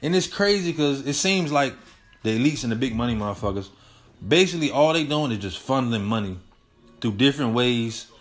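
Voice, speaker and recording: A man's voice: mid-range voice, animated, a little fast. A young man hosting his own show, giving a heated, profane, rambling rant full of slang. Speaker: host. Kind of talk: casual solo commentary.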